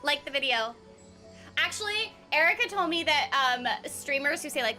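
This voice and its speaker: A woman's voice: high-pitched, brisk, pushed and bright, soft background music. A young woman chatting casually to viewers on a game stream, bubbly and giggly, rambling from topic to topic. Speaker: streamer and voice actor.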